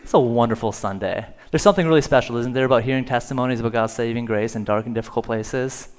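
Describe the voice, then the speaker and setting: A man's voice: mid-range voice, fast talker. A male pastor telling a story in a sermon. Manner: storytelling, rising in volume for dramatic moments. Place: church sanctuary.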